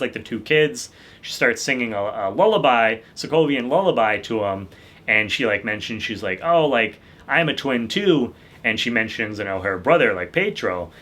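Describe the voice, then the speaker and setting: Young man, casual review chat, rambling, filler-heavy, mid-pitched voice. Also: pushed and bright. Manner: rambling, full of "like" and "you know" fillers. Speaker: channel host reviewing a TV episode.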